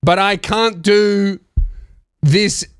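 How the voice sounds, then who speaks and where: A man's voice: high voice, very slow, smooth, dry recording, clean studio sound. A man hosting a comedy podcast, reading a listener's story aloud and riffing on it with crude, mocking jokes. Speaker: podcast host.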